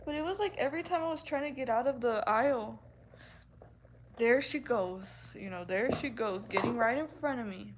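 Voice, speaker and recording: A woman's voice: on the high side, normal speed, slight background noise, low-quality recording. A woman chatting casually with her viewers, laughing often and acting out what people said. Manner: giggly, laughs often, acts out quotes. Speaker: livestream host chatting with viewers. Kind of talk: casual chat.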